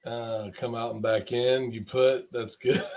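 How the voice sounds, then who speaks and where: A relaxed man chats from his home studio. He talks slowly and halts over fillers. His pitch sits in the middle range. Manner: relaxed, halting, many fillers. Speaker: video producer. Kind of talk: casual chat.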